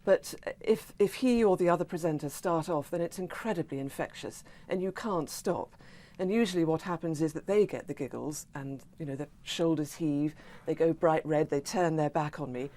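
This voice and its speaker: A middle-aged woman, a radio newsreader, answering interview questions in a clear, measured way, with a tendency to giggle. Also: sits low, mellow.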